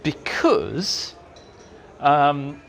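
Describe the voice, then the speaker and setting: A man, a writer being interviewed at a fan society, telling lively anecdotes and mimicking people in squeaky voices. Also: extremely slow, vocal fry. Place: room at a fan society meeting.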